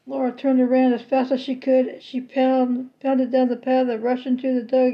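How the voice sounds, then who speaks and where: Woman narrator for a children's novel read-aloud; high, level, unhurried, slightly dull lo-fi sound. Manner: steady, plain read with small restarts. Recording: slightly muffled lo-fi recording.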